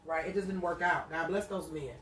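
A woman's voice: on the low side, a little fast, a bit bright, slight background noise. A woman hosting a podcast, talking in a loose, rambling monologue full of casual asides and repeated "you know what I'm saying.". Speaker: podcast host.

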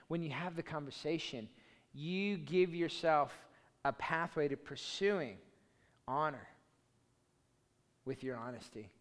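High, bright passionate preacher man. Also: big-room sound. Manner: passionate, swings from loud to soft. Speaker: pastor. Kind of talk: sermon.

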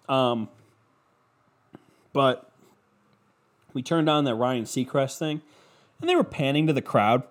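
A man's voice: medium pitch, moderate pace, pauses often. A man hosting a solo podcast, ranting sarcastically and profanely with self-mockery into a microphone at home. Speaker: podcast host. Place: home basement. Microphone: studio microphone.

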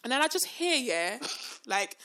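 A woman's voice: fairly high pitch, normal speed, very noisy. A woman, telling a story in casual chat and acting out the quotes. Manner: animated, acts out quotes, laughs often. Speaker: podcast co-host.

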